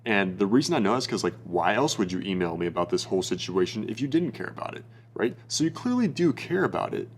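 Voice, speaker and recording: A man's voice: lowish voice, big pitch swings, quick pace, few pauses, slight background noise. A young man giving casual dating advice as a coach, blunt and profane, calling the listener bro.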